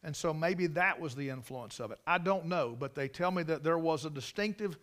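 A preacher from the Carolinas with a Southern drawl delivers a folksy, storytelling sermon to his church. His voice sits a little high for a man and rings forceful and bright. He drifts into emphatic asides as he preaches. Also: expressive, a little fast. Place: church service.

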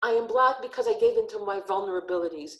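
A woman's voice: medium pitch, quick pace, a bit bright, lo-fi sound. A woman giving an earnest, heartfelt religious lesson on scripture. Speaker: Torah teacher.

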